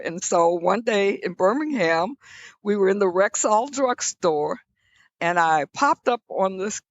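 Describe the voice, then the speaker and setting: An older woman from the American South, guest on an interview, telling personal stories in a reflective, measured way with frequent restarts. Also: mid-range voice, no room sound, lo-fi sound. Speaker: guest, leadership scholar. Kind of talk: conversational interview storytelling.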